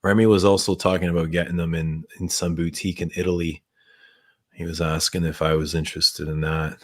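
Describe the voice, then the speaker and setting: A man's voice: low voice, level tone, brisk. A man hosting a late-night livestream, talking in a laid-back, drawling way and laughing often. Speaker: perfume brand owner hosting a livestream.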